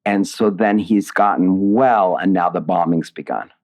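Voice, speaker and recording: Low-voiced man, animated storyteller. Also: unhurried. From United States. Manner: animated, emotional storytelling with many restarts. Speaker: guest, playwright and lyricist. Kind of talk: conversational interview.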